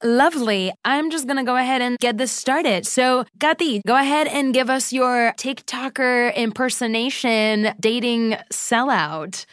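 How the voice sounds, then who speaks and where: A woman's voice: a little high, unhurried, few pauses, a bit bright, clean tone, no echo, studio quality, soft background music. A woman hosting a comedy dating game, enthusiastic and laughing often. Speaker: host.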